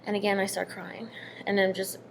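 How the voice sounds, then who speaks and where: A young adult woman casually telling a personal story, earnest, sometimes dropping to a hushed near-whisper. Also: mid-range voice, flat delivery, brisk, vocal fry, background noise.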